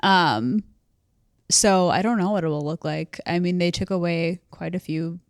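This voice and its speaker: A woman's voice: fairly low pitch, normal speed, clean tone, no echo, clean studio sound. A woman co-hosting a podcast, chatting about politics in a wry, easygoing way. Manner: wry, easygoing, laughs readily. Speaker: podcast co-host. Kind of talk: casual political chat.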